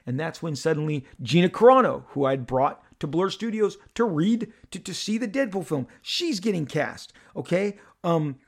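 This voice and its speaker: A middle-aged man hosting a podcast, telling a personal story in an animated, halting way with many repeated words. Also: fairly high pitch. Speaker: podcast host.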